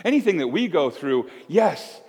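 A man's voice: a little high, sing-song, moderate pace, darkish tone, husky, in a large hall. A man in his fifties preaching as a pastor, folksy and emphatic, asking one question after another. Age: 50s. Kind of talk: sermon. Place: church.

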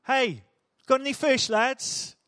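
A preacher putting on a jaunty shore caller. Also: male voice, very high-pitched, takes it slowly, bright, forceful tone, no room sound, clean studio sound, voice pushed up, full character voice. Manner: jaunty, friendly teasing call. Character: cheerful man calling out from a lakeshore.

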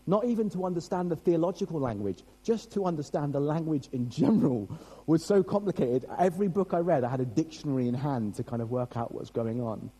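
A man's voice: a little high, warm tone, breathy edge, rough recording. A young British man preaching a sermon as pastor, chatty and self-deprecating, joking with his congregation.

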